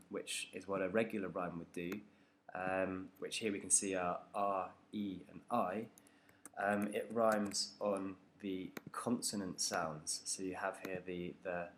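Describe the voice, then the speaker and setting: A man's voice: deep voice, a little hiss or hum. A man teaching a poetry analysis lesson, talking it through unscripted and hesitant, with many ums and restarts.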